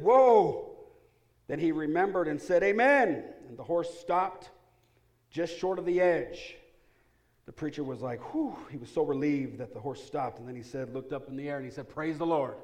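A man pastor delivering a sermon in a church, shifting between quiet, earnest prayer and loud, joking storytelling. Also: on the high side. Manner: energetic, humorous, swings from hushed prayer to loud excitement. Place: church sanctuary.

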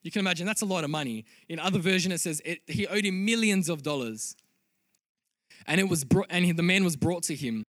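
A man preaching a sermon as a pastor, earnest and rising to loud, emphatic peaks. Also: high voice, fairly quick, no room sound.

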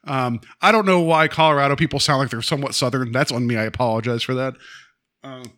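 A man's voice: mid-range voice, quick pace, fairly bright tone. A man hosting a casual chat, rambling animatedly through a retelling and laughing often. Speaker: podcast host.

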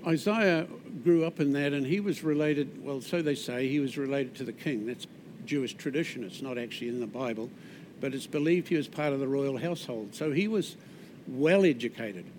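A man with a New Zealand accent preaching a sermon in a conversational way, with asides and restarts, often dropping soft on key words. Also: mid-range voice, normal speed, slight background noise.

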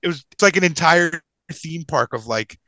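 A man's voice: fairly high pitch, lively intonation, normal speed, sharp tone, dry recording, poor audio. A man telling a long anecdote on a casual podcast, rambling and profane, full of restarts and asides. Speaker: podcast co-host.

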